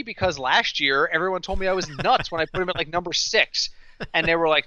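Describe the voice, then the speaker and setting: A man hosting a casual podcast, telling stories in an animated way and mimicking others in quoted voices. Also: on the high side, fast, dry recording, lo-fi sound. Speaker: podcast host.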